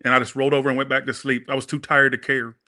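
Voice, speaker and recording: A man's voice: medium pitch, flat delivery, very fast, pushed and bright. A man doing a casual tarot reading who rambles off-topic, swears freely and keeps apologizing to his viewers. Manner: rambling, profane, talks to viewers. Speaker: tarot reader.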